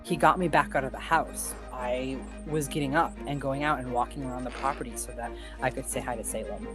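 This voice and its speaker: A woman's voice: rumbling low, fairly even intonation, fairly quick, music in the background. A woman in a played documentary clip reflecting in a heartfelt way on her friendship with a wild crow.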